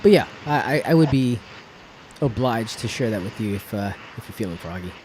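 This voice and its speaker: A man's voice: mid-range voice, lively intonation, brisk, darkish tone, slight background noise, low-quality recording. A man co-hosting a podcast, trading wry, profane banter in casual chat. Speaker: podcast co-host.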